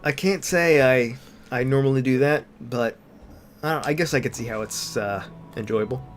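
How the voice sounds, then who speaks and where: A man's voice: medium pitch, normal speed, faint music behind. A man co-hosting a let's play, chatting casually and reading on-screen text aloud. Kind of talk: casual gameplay commentary.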